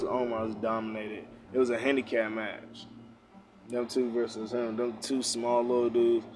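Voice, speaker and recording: A young man recapping a wrestling show in loose, slangy, profanity-heavy casual talk. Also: medium pitch. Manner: slangy, loose storytelling, frequent cursing.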